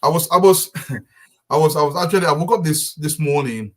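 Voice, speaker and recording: On his casual live show, a Liberian host calls out viewers by name, his friendly, wandering talk crowded with fillers and restarts. He speaks at a moderate pace in a voice on the high side.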